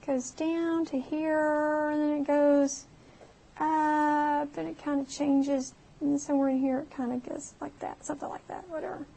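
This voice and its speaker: Woman, math teacher, high voice, chatty, talks through each step. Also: little pitch movement, normal speed, vocal fry, dark tone. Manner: chatty, laughs at herself, talks through calculator steps. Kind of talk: recorded math lecture.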